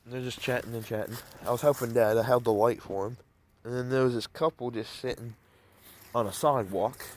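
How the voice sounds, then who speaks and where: A man's voice: mid-range voice, steady tone, a little fast, a little mellow, a little hiss or hum. A man casually telling a rambling story to the camera, with many fillers and restarts. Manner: rambling, filler-heavy retelling. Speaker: vlogger.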